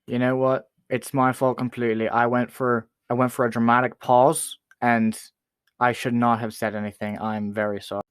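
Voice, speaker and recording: A man hosting a comedy talk show sketch, chatty and quick to apologize. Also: mid-range voice, little pitch movement, smooth, no echo.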